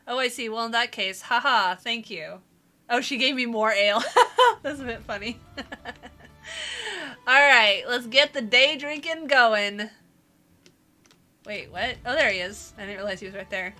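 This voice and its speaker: A woman's voice: on the high side, a little slow, long pauses, sharp tone. A young woman casually commenting on a game she is playing, reading the game's dialogue aloud with playful jokes and asides. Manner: playful, joking asides and frequent laughter.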